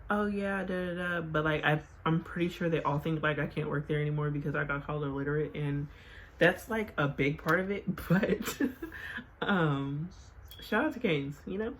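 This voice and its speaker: A woman's voice: sits low, normal speed, slight background noise. Chatty young woman telling a story. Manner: chatty, lots of "like" fillers. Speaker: vlogger. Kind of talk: casual story time.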